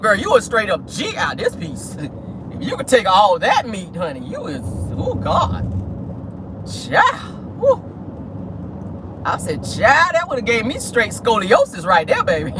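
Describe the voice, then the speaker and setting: A celebrity gossip vlogger chatting casually from inside a car. The talk is animated and sassy, full of exclamations and crude slang. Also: medium pitch, noisy background.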